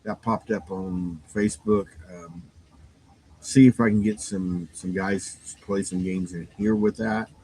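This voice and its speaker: A man's voice: low voice, steady tone, measured pace, dark tone, a little hiss or hum, poor audio. A man who runs a game store, giving a rambling, casual shop update full of fillers and restarts and sounding a bit tired. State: yawning, tired.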